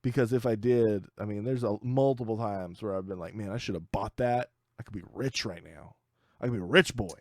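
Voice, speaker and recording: A man's voice: on the low side, fairly quick, dry recording, clean studio sound. A man co-hosting a podcast in casual chat, rambling and joking, acting out the people he quotes. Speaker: podcast co-host. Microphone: studio mic.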